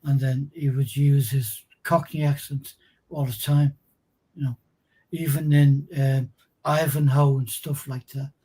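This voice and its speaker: A man's voice: mid-range voice, little pitch movement, unhurried, warm tone, slightly rough. A man in casual chat, telling a story and reacting with short interjections. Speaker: show co-host.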